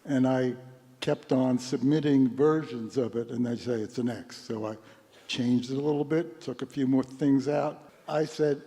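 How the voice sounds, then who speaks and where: A man's voice: medium pitch, moderate pace, dark tone. A man telling a story in an interview, emphatic and defiant. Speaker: film director in an interview. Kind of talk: anecdotal interview. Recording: reverberant interview recording.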